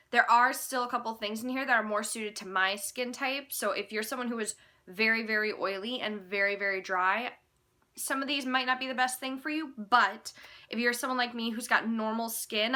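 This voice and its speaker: A woman's voice: a little high, pushed and bright. A young woman vlogger chatting casually to camera, rambling and correcting herself as she goes. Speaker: beauty vlogger.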